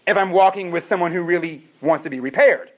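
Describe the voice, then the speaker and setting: A man's voice: high voice, fairly quick, a bit bright. A man preaching a sermon, pleading and impassioned, repeating his calls again and again. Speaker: pastor.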